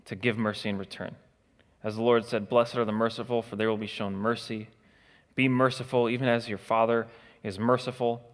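A man delivers a sermon in a relaxed, conversational way. His voice sits at an ordinary middle pitch and is broken up by frequent filler sounds as he gathers his thoughts. The recording carries the long reverb of a large church hall. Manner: conversational, frequent uh fillers, acts out quoted attitudes. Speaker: preacher. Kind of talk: expository sermon.

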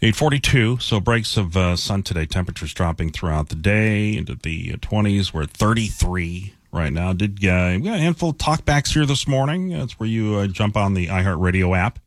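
A man hosting a morning radio show, telling a story in a casual, animated way with plenty of fillers. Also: fairly low pitch, a little fast, hardly any pauses, no room sound, studio quality. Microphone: studio microphone.

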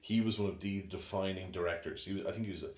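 A man's voice: deep voice, quick pace. A man co-hosting a podcast, chatting casually and rambling through film scenes with many restarts. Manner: rambling, restarts often, animated when retelling film scenes. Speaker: podcast co-host. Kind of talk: casual chat. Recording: echoey room.

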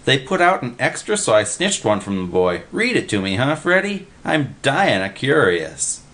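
A man voicing a shrill, excitable kid. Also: normal speed. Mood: excited. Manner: shrill, breathless, pleading. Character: excitable simple-minded young man, pop-eyed.

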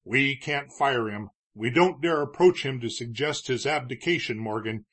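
A man's voice: mid-range voice, moderate pace, fairly bright tone, slightly rough. A man reading a worried old judge. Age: older. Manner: earnest, pleading. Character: elderly male town judge, worried and shrewd.

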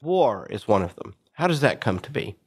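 Husky gravelly-voiced male interview host. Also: medium pitch, sing-song, moderate pace. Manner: admiring, emphatic, laughs easily. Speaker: host, college president. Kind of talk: interview conversation.

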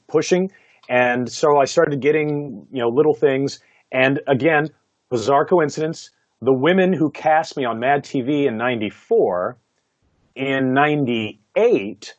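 A man, a voice actor, telling stories from his career in a casual interview, animated and laughing often, with many "you know" fillers. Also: medium pitch, no echo, dull audio. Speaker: voice actor guest.

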